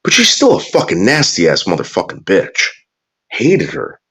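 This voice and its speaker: A man's voice: deep voice, wildly swooping pitch, a little slow, fairly bright tone. A man ranting crudely and bitterly in casual talk, drawling some words and muttering others. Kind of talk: profane casual rant.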